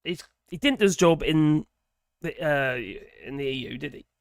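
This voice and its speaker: A man's voice: fairly high pitch, normal speed, smooth, dry recording. Brief: sardonic male livestream host, rambling chat, dry close recording. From England. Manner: sardonic, rambling, with wry laughs. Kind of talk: casual livestream commentary.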